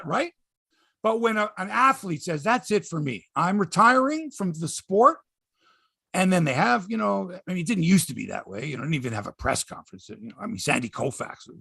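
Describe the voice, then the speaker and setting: High husky guy ranting on his sports podcast, swinging his pitch all over, doing little voices and cussing. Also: sing-song, moderate pace, sharp tone, dry recording, studio quality. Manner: ranting, acts out quotes in voices, swears. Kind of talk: casual sports chat.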